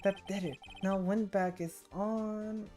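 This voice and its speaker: A woman's voice: mid-range voice, steady tone, slow pace, warm tone, soft background music. A young woman streaming a game, chatting and joking about what happens. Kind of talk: casual game commentary.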